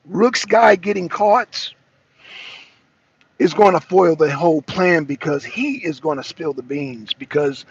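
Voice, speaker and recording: Male host, slightly high voice, emphatic and repetitive, addresses the chat directly; dull lo-fi audio. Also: slightly rough. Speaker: talk show host. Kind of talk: casual political commentary livestream.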